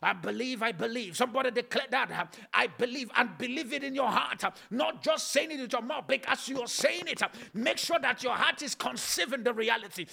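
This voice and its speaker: A man's voice: extremely high pitch, expressive, fairly quick, vocal fry, hardly any pauses, sharp tone, breathy edge. A man leading a fervent sermon prayer as pastor, repeating declarations with frequent "uh" fillers.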